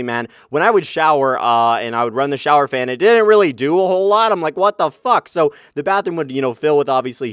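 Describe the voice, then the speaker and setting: A 19-year-old man casually talking over gameplay as a commentary YouTuber, energetic and swearing often, saying "man" a lot. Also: medium pitch, dry recording, studio quality. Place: small bedroom in his apartment, under a comforter. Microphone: desk mic, comforter draped over it to cut echo.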